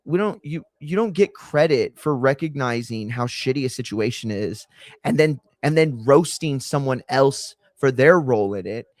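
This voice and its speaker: A man's voice: on the high side, no room sound. Profane man ranting heatedly. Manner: profane, heated and frustrated, lots of filler and restarts. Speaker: wrestling and boxing podcast host. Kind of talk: casual ranting commentary.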